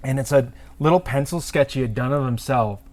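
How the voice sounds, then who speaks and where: A man's voice: medium pitch, a little fast. A man, a tattoo artist, telling a story in casual chat and acting out the people in it. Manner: animated storyteller, acts out quotes.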